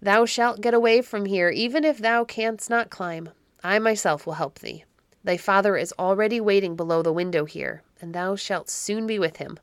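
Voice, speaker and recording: A woman reading the lines of a gruff, loyal male servant, rough-spoken but kind to a child. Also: medium pitch, moderate pace, dry recording, clean studio sound, close to an everyday voice. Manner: gruff, blunt.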